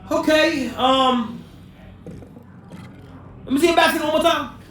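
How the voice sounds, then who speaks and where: A man's voice: very high-pitched, measured pace, sharp tone. A man conducting an interview in a blunt, teasing, curt way. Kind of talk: casual interview. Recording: echoey, distant mic.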